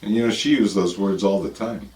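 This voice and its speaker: A man's voice: fairly low pitch, fairly quick, darkish tone. A man hosting a show, bantering casually and teasingly with his co-host. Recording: roomy and distant.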